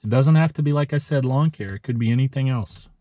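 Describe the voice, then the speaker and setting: Earnest, emotional man with a mellow voice. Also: mid-range voice, no room sound. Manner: earnest, emotional, halting with restarts. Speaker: lawn care business owner and channel host. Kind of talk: heartfelt motivational vlog talk.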